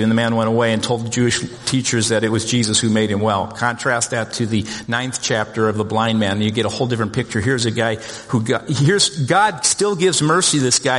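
Earnest pastor preaching in a reverberant hall. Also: male voice, mid-range voice, a bit bright. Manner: earnest, repeats words, quotes scripture in small voices. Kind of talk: sermon. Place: church sanctuary.

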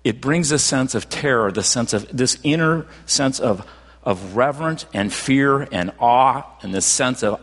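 Pastor preaching in a reverberant church. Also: male voice, medium pitch, animated, moderate pace, slightly rough. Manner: storytelling, swings from loud emphasis to hushed near-whisper. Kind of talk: sermon. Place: church sanctuary.

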